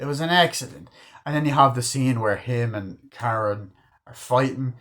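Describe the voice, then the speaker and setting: A man talks through a film he loves in a loose, rambling way. He swears freely and keeps breaking into quick impressions of the scenes, with a voice in the middle of the usual range for a man. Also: medium pitch, fairly bright tone. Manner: rambling, swears a lot, acts out quoted scenes. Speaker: movie reviewer. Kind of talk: casual movie review.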